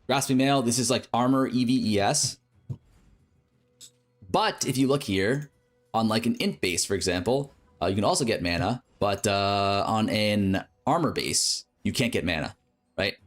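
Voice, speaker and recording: With a lowish voice, lively intonation, and an unhurried pace, a game streamer walks through his crafting strategy. Soft music plays in the background as he thinks aloud and corrects himself.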